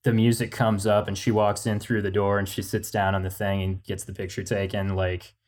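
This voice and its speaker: A man's voice: on the low side, completely flat delivery, normal speed, darkish tone. A man co-hosting a podcast, chatting about films in a jokey way and laughing often. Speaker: podcast co-host. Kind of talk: casual film discussion.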